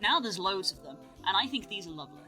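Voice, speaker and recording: A woman streaming, chatting casually as she opens trading cards, breaking into excited exclamations. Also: mid-range voice, fast talker, faint music behind. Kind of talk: casual live-stream card-opening commentary.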